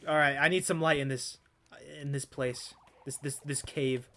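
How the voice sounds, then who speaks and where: This gaming streamer talks in a mid-range voice with fairly even intonation, a moderate pace, and a sharp tone. His casual gameplay commentary is rambling and stammering, with jokes at his own expense and plenty of swearing.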